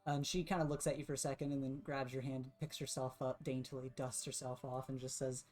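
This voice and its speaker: A woman game master narrating a superhero tabletop game in a relaxed, plain way. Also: extremely low pitch, brisk, hardly any pauses, faint music behind.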